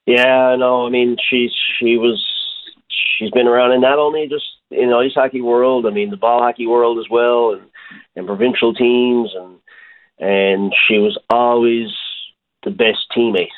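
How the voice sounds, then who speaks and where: A man, a hockey coach, speaking haltingly with many fillers and repeated words in a phone interview. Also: medium pitch, steady tone. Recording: tinny phone line.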